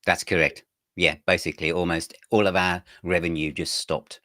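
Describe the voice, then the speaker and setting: A man, a magazine editor, chatting as an interview guest and telling his story in a relaxed, rambling way. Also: low voice, moderate pace, dry recording, studio quality. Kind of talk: casual interview chat.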